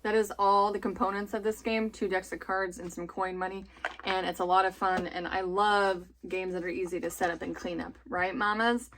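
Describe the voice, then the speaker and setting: A woman's voice: mid-range voice, little pitch movement, moderate pace, background noise. A woman in her thirties, a homeschooling mom, chatting enthusiastically about family board games and laughing often. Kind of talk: casual chatty review.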